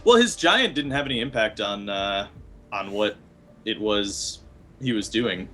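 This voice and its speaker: A man's voice: on the low side, expressive, measured pace, bright, forceful tone, faint music behind. A young man chatting casually while playing a card game, rambling and trailing off, with the odd curse. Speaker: player.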